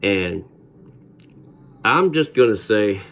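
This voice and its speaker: A man's voice: on the low side, animated, slow, fairly bright tone, heavily acted. A man voicing a stern grade-school teacher who brushes off a boy's complaint. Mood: dismissive.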